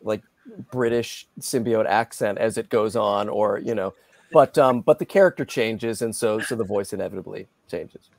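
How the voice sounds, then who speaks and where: A middle-aged man, a guest voice actor, chatting in an interview in a lively, self-deprecating way with many restarts. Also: lowish voice, moderate pace, creaky, dry recording. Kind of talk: casual interview chat.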